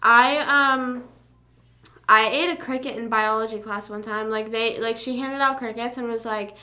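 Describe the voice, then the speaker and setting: A woman's voice: on the high side, moderate pace, pushed and bright. A young woman hosting a casual livestream, rambling through school stories with lots of filler words and casual swearing. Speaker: livestream host.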